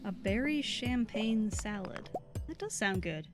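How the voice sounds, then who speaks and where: A woman's voice: mid-range voice, lively intonation, measured pace. Southern woman streamer, chatty and playful, faint game music under her. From United States. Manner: chatty, filler-heavy, playful. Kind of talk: casual let's-play chat.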